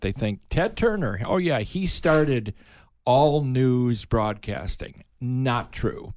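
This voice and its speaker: An older man, a veteran broadcaster, telling animated stories in a casual interview, his voice jumping up when excited. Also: no echo. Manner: animated storyteller, pitch jumps up when excited. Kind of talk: reminiscing in casual conversation.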